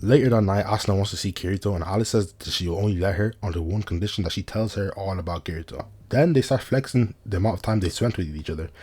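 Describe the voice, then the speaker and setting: A man's voice: low-pitched, fast talker, hardly any pauses, darkish tone, breathy edge. A man narrating an anime recap in a casual, comedic commentary style, full of slang and joking asides to the viewer.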